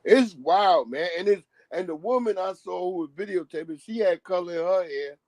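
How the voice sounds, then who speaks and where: Brief: high-pitched male streamer, loose slangy ramble, dry close mic. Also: expressive, normal speed, darkish tone, dry recording. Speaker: live-stream host. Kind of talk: casual stream monologue.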